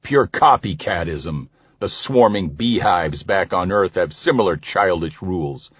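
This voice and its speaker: A man's voice: sits low, expressive, unhurried, breathy edge, dry recording, exaggerated voice. A man voicing a pompous, scornful older doctor in an audiobook. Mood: indignant. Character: cantankerous, blustering older male doctor. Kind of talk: audiobook character voice. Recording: slightly dull, dry recording.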